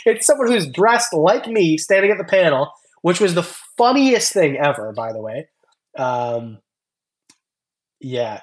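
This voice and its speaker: A man's voice: a little high, very animated, moderate pace. A young man casually chatting on his stream, rambling and thanking viewers by name as he reads their comments. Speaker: reptile channel host. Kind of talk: casual livestream chat reading comments.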